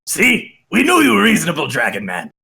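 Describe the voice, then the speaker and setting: A man's voice: a little high, huge pitch swings, fairly quick, gravelly, sharp tone, pitched above the performer's own voice, full character voice. A man voicing a scheming goblin underling who talks in clipped, broken grammar. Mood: sly.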